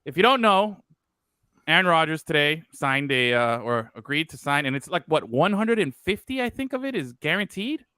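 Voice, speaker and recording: Bright, crisp-voiced man rambling about football. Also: a little high, big pitch swings, moderate pace, no room sound. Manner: loose and profane, rambling with fillers. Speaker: podcast co-host. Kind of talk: casual sports talk.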